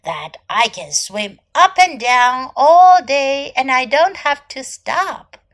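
A woman's voice: sits high, lively intonation, a bit bright, exaggerated voice. A woman voicing a boastful, mocking male hippo in a children's story, drawing out his words. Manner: slow, drawn-out boasting.

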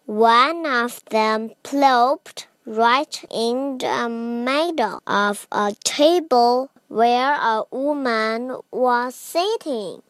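A woman whose first language is Chinese, reading an English children's picture book aloud with careful, deliberate phrasing, then chatting with young listeners as the host. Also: a little high, a bit bright, no room sound. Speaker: storybook reader, host.

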